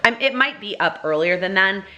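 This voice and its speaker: A woman's voice: mid-range voice, lively intonation, a little fast, sharp tone, lo-fi sound. A woman in her thirties, a mother, chatting in a rambling, casual way at home, full of fillers and self-corrections. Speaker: vlogger, mother. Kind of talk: casual rambly vlog talk. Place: home, kitchen table. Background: baby toy noises.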